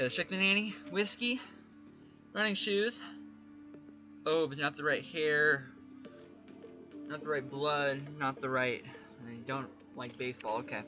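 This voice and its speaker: A man's voice: mid-range voice, pushed and bright. A man playing a detective game, chatting casually and swearing while he reads out every character. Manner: casual, profane, reads all characters aloud. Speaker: gaming YouTuber. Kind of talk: let's play commentary with voiced dialogue.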